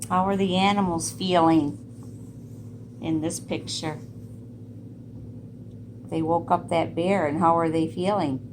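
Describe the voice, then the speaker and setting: A woman reading a picture book aloud to children, pausing to ask gentle questions about the pictures. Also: sits low, slight background noise. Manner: gentle, asks listeners questions. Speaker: storyteller.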